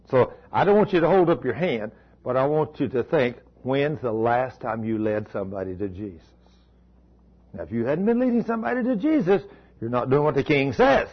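Husky, higher-voiced male pastor, folksy and emphatic sermon delivery, lo-fi church recording. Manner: folksy storytelling, emphatic repetition. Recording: dull lo-fi recording.

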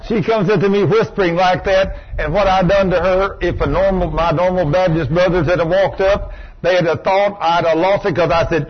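A man's voice: high voice, fairly even intonation, normal speed. A man preaching a sermon in a folksy, emphatic way, acting out the voices he quotes. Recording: dull lo-fi recording.

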